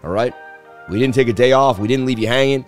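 A man's voice: medium pitch, fast talker, faint music behind. A man hosting a crypto chart livestream in a hyped, boastful way, talking straight to viewers, his voice slightly worn. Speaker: crypto market analysis livestream host. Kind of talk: casual livestream chart analysis.

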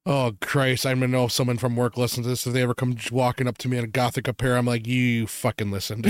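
A man's voice: mid-range voice, fast, hardly any pauses, dry recording, studio quality. A man with a Wisconsin accent, co-hosting a casual podcast chat, joking, laughing often and using lots of fillers. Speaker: podcast co-host.

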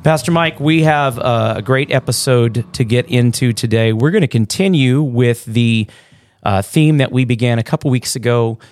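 A man who is a pastor, co-hosting a church podcast in relaxed, joking chat with many fillers and restarts. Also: mid-range voice, normal speed, no echo. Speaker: pastor, co-host.

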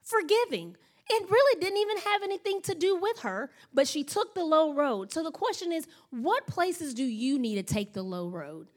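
A woman's voice: high voice, big pitch swings, moderate pace. A woman pastor, telling a story in a sermon and acting out the voices of the people in it. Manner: storytelling, acts out quoted voices.

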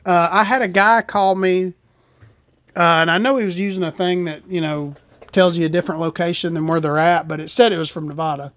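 A woman's voice: lowish voice, steady tone, a little fast. A woman hosting a casual solo podcast from her parked truck, rambling and swearing freely with self-deprecating asides. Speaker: podcast host. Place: parked truck in a parking lot. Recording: dry, tinny phone-like sound.

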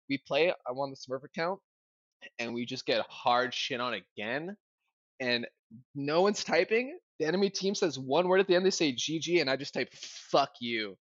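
A young man telling a story in casual chat, animated, swearing a lot, with lots of "like" fillers. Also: medium pitch, a little fast, dry recording, dull audio. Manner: animated, swears a lot, fillers like "like", bursts into loud yelling when reenacting.

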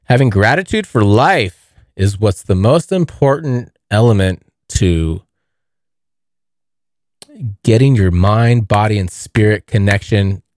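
A man's voice: on the low side, lively intonation, slow, long pauses, a little mellow, no echo, clean studio sound. A young man hosting his own podcast, telling a long story in a rambling, casual way, swearing often and calling listeners dude. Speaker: podcast host.

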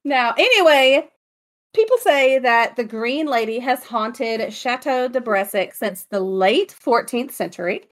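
A woman tells ghost stories in a loose, joking way. Her voice sits a little high, and she talks like she's chatting with a friend. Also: lively intonation, measured pace, a bit bright. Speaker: podcast co-host. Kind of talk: casual chat, telling ghost stories.

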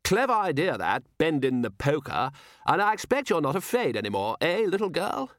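A man's voice: fairly high pitch, sing-song, normal speed, a bit bright, dry recording, studio quality, pitched above the performer's own voice. A man reading aloud, voicing a pompous, condescending upper-class dinner guest.

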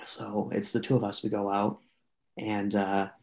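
A young man from Canada spins a long, chatty bar story for his podcast co-hosts. His voice sits fairly low and has a gravelly rasp. He keeps circling back with fillers as he talks. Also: monotone, unhurried. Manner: rambling, filler-heavy, chatty. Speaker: podcast co-host. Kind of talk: casual storytelling among friends.

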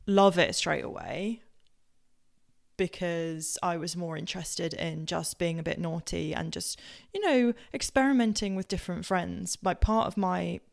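Here the Southampton podcast host sounds fairly low and creaky. In her posh southern English accent she wanders through casual personal anecdotes, correcting herself often and leaning on plenty of fillers.

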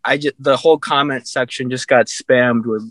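A man's voice: medium pitch, fairly even intonation, moderate pace, a bit bright, no echo. A young man chatting casually on a podcast, telling rambling stories and laughing at himself. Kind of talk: casual chat.

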